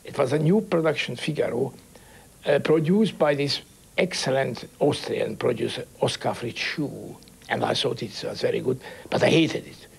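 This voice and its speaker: Older Hungarian-accented man, gravelly. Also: medium pitch. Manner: halting, broken English phrasing. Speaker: interviewee, conductor. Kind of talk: reflective interview.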